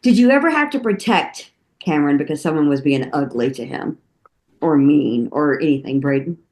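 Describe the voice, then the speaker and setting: Low-voiced woman hosting a casual interview. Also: expressive, a little mellow. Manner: quick affirming interjections. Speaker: interview host.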